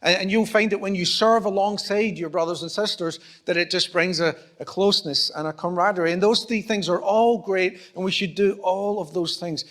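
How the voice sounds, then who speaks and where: A man's voice: sits high, a little fast, hardly any pauses, fairly bright tone. A pastor from Scotland with a Scottish accent, preaching in a conversational way, acting out little exchanges and joking at his own expense. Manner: conversational, acts out small dialogues, self-deprecating humour. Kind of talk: sermon. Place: church auditorium.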